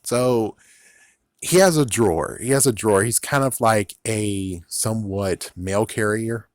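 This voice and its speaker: A man's voice: fairly low pitch, measured pace, dry recording, clean studio sound. A man casually reviewing a TV series, rambling and sarcastic, swearing often and repeating "it's like". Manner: profane, sarcastic, incredulous.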